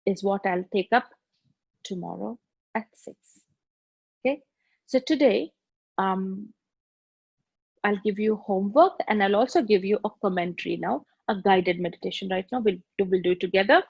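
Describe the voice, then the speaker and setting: A woman with an Indian English accent, teaching a spiritual meditation course and telling stories in a conversational, animated way. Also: mid-range voice, normal speed, creaky, long pauses, slightly rough, no echo, muffled recording. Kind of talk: spiritual course talk with anecdotes.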